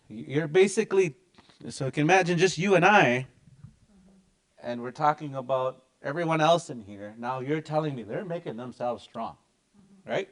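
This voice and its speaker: A man teaching a language class with lots of energy and emphasis. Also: fairly high pitch.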